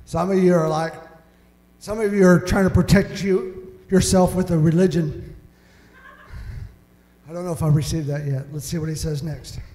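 A man's voice: fairly high pitch, steady tone, normal speed, a little mellow. A man preaching a sermon as pastor, mimicking whiny complainers as he talks. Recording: echoey hall reverb.

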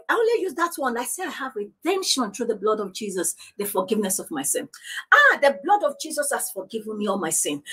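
A woman's voice: sits high, fairly bright tone, husky. A woman pastor preaching on divine healing, insistent and repeating declarations, praying aloud. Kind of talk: sermon teaching on divine healing.

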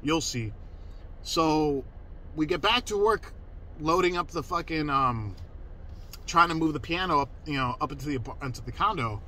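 A man's voice: a little high, expressive, moderate pace, pushed and bright, slight background noise, low-quality recording. A man telling a personal story in a casual, emphatic way, cursing freely and restarting his sentences. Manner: profane, emphatic, self-interrupting.

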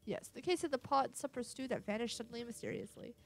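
A woman's voice: fairly high pitch, fast talker, creaky. A woman voicing a pompous, self-important male detective who speaks in long-winded flourishes.

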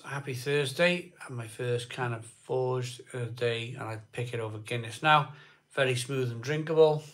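A man's voice: medium pitch, fairly bright tone. A man chatting casually with viewers on a live beer stream, greeting people by name and rambling between topics. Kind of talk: casual chat reading live comments.

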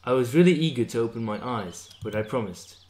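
A man reading a visual novel game aloud, playing every part himself in an animated way. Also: medium pitch, brisk, slight background noise. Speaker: let's play narrator.

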